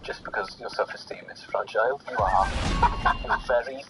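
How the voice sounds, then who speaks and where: A man's voice: mid-range voice, normal speed, distant mic, background noise. A man co-hosting a comedy podcast, teasing and quizzing his partner. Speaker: podcast co-host.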